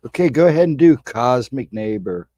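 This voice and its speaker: A man co-hosting a live stream who gives brief, low-key replies. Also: lively intonation, moderate pace, dark tone, no room sound, highs cut off. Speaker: co-host. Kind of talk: casual chat.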